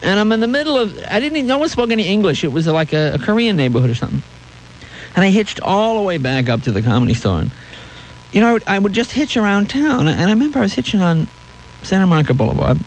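Animated fast-talking man telling stories. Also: sits high, a little hiss or hum, low-quality recording. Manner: animated, acts out voices in stories. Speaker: guest comedian. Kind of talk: anecdotal interview storytelling.

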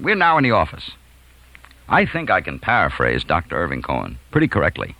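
A man telling a comic school anecdote, chuckling and swinging from hushed to loud. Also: low voice, fairly quick, vocal fry, no echo, poor audio. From New York. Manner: animated, chuckling, big swings from quiet to loud. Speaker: storyteller. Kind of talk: comic anecdote told to an audience.

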